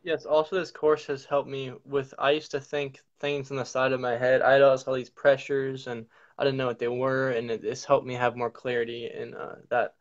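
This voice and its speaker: A man's voice: mid-range voice, level tone, moderate pace, few pauses, lo-fi sound. A man, a course student, talking earnestly and hesitantly with fillers in a casual chat.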